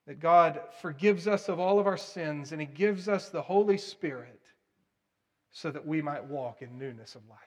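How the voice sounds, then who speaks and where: A man preaching a sermon in an earnest, emphatic way, swinging between loud stresses and hushed, quiet appeals. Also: a little high, normal speed.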